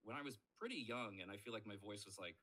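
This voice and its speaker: Animated man telling stories. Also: on the low side, quick pace. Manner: animated storyteller, acts out quoted voices. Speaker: voice actor guest. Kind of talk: casual podcast interview storytelling.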